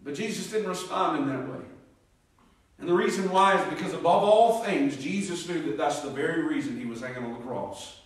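A man preaching a sermon as pastor, moving between loud, emphatic passages and hushed, low ones, and reading scripture in a measured, deliberate cadence. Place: church sanctuary. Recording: very echoey room, distant mic.

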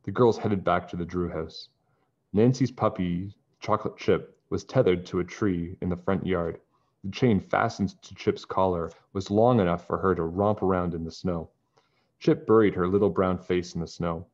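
A man reading a children's book aloud in a calm, even narrating voice. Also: low-pitched, moderate pace. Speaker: storybook reader. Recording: dull lo-fi recording.

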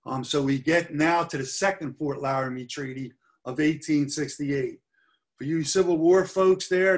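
A middle-aged man giving a history lecture over slides, earnest and stressing key points by repeating them. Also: fairly high pitch. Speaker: history presenter.

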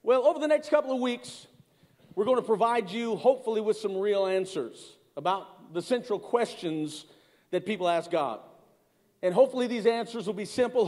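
In a church sanctuary with the sound of a large hall, a middle-aged pastor preaches conversationally in a warm, high-sitting voice. He repeats words and calls out to the congregation as he goes.

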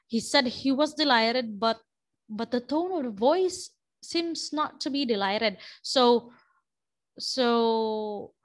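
A woman's voice: on the high side, fairly bright tone. A woman teacher giving a classroom lecture, explaining step by step with frequent restarts and checks of "okay".

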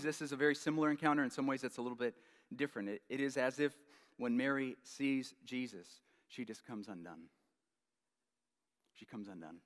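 A man preaching a sermon as pastor, earnest, repeating key phrases and dropping to a hush at the ends of lines. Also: medium pitch, big-room sound. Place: church sanctuary.

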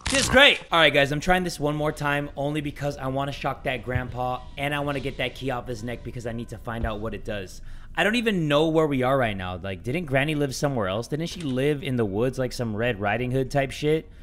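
A young man with a sore, scratchy throat talks through a horror game in a high, bright voice. He jokes and mutters, then yells at every scare. Quiet music plays faintly behind him. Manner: jumpy, shouting in sudden scares, joking. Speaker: gaming channel host.

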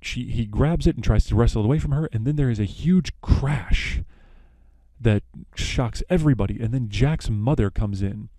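Mellow-voiced young man rambling through a plot. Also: mid-range voice, moderate pace, no echo. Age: young adult. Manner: rambling, with many fillers and self-corrections. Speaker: podcast host. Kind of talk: casual plot retelling.

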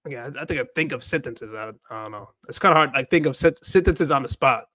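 A man's voice: mid-range voice, fast, bright, forceful tone, no echo, studio quality. A man hosting a casual livestream, rambling and repeating himself while mixing in Spanish phrases. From United States. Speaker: livestream host, language learner.

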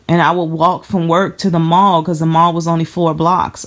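Speaking low, a Chicago-area woman shares her personal story on camera. She is earnest but halting, and she keeps circling back to the same words while holding her feelings in check.

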